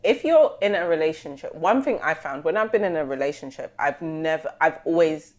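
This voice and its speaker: A young woman, co-hosting a casual podcast chat, animated and slangy, acting out conversations. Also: low voice, a little fast. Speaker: podcast co-host.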